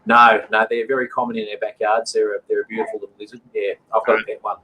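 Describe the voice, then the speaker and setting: A man's voice: on the low side, level tone, fast talker, pushed and bright, slightly rough, rough recording. Laid-back Australian man explaining. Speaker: snake catcher guest. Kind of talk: casual video call chat.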